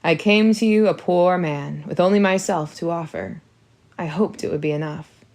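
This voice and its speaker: A woman reading an audiobook, voicing a smooth-talking middle-aged father in a soothing, gently teasing manner. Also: fairly low pitch, moderate pace, close to an everyday voice. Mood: grave.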